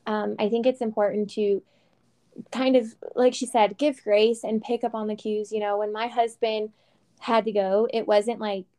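A woman's voice: mid-range voice, flat delivery, normal speed, mellow. A woman in her thirties co-hosting a casual chat, frank and chatty, laughing often and swearing lightly. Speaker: podcast co-host.

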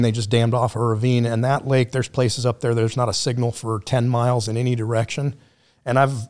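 A man's voice: mid-range voice, a little mellow. A man talking as a podcast guest, telling road stories in a blunt, profane, casual way. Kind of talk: casual conversation.

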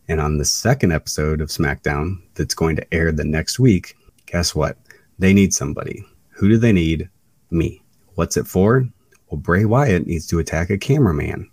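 A man, an independent wrestler, telling stories as a podcast guest in an animated way, acting out other people's lines. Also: deep voice, dry recording, far from the mic. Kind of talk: casual storytelling interview.

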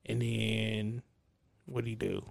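A young man in casual chat, recapping a movie plot in a rambling, profane, animated way. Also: on the low side, takes it slowly, vocal fry. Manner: profane, animated storytelling with acted-out quotes.

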